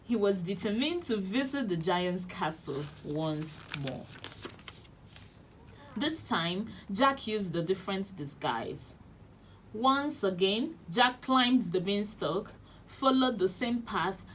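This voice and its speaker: A woman's voice: medium pitch, animated, takes it slowly, slight background noise. A woman with a Nigerian accent, a children's radio host reading a storybook aloud expressively. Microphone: studio radio mic.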